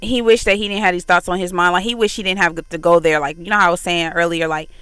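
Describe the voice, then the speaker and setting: Bright, crisp-voiced woman breaking down lyrics. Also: fairly low pitch, quick pace, dry recording, low-quality recording. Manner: animated, acts out quoted lines in exaggerated voices; loose, repetitive "like" filled delivery. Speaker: faith channel host. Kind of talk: casual commentary breaking down song lyrics.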